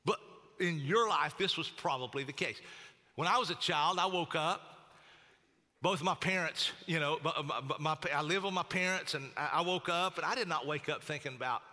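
Man preaching, bright cutting voice, sits kinda high, long echo like a big sanctuary. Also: normal speed. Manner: conversational and emphatic, repeats key phrases. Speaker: pastor. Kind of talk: sermon.

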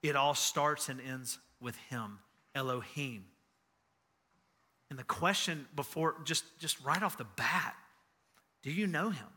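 Bright, earnest high-voiced male preacher. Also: unhurried. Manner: earnest, personal storytelling with repeated phrases. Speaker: pastor. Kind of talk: sermon.

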